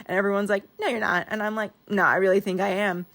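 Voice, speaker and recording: A woman's voice: mid-range voice, level tone, fast talker, a bit bright. A young woman chatting casually over her planner pages, rambling and laughing often with a wheeze. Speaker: planner vlogger.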